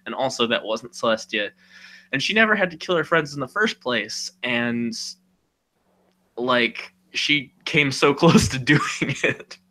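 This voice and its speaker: A man's voice: mid-range voice, expressive, a little slow, pushed and bright. A man co-hosting a podcast, casually retelling a story with lots of "you know" and "like", acting out the characters' lines. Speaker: podcast co-host.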